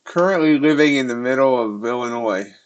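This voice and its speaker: A man's voice: mid-range voice, fairly quick, dull audio. Man, live-stream host, casual banter, rambling, joking, mid-range voice. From Eastern Pennsylvania, US.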